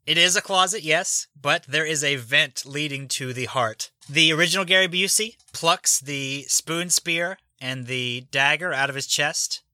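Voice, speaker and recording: A man runs a tabletop game and narrates the action plainly. His voice is very bright and forward, and it sits dry and close on the mic. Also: fairly high pitch, a little slow, hardly any pauses, no echo. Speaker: game master.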